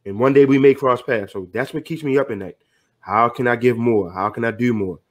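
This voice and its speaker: Middle-aged guy on a podcast, earnest and fired up, slangy, normal pitch. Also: brisk. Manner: earnest, motivational, conversational slang. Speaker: podcast guest. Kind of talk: casual podcast conversation.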